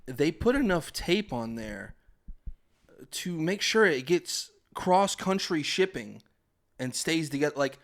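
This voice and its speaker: A man's voice: a little high, animated, takes it slowly. A young man, a podcast host, telling a story in casual chat, laughing and acting out his family's voices.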